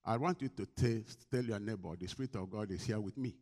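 A middle-aged male pastor preaching a sermon, leading the congregation in call-and-response and swinging between soft, low asides and loud exhortations. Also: a little fast.

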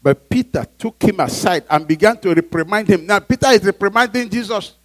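A man's voice: high voice, a little fast, no echo, low-quality recording. A male pastor preaching a sermon emphatically, often asking the congregation to fill in a word.

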